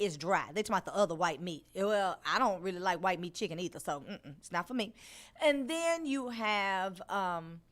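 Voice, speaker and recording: A middle-aged woman hosting her own radio show, talking casually with joking, animated asides. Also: medium pitch. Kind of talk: casual solo commentary.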